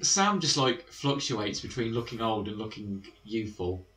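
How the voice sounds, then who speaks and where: Man, let's-play co-host; bright, animated, jokey delivery. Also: fairly low pitch, measured pace. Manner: jokey, bursts into loud laughs and silly voices. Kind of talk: casual gaming chat.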